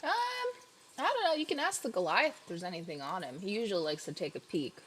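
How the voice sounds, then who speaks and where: A woman's voice: lowish voice, very animated, fast, a bit bright, slight background noise. A woman narrating as game master in a casual, chatty way full of fillers.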